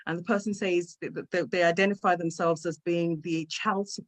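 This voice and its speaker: A woman's voice: on the low side, steady tone, brisk. A middle-aged woman, a guest speaker on an online talk, earnestly telling a personal story and repeating words when it gets emotional. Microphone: video call microphone.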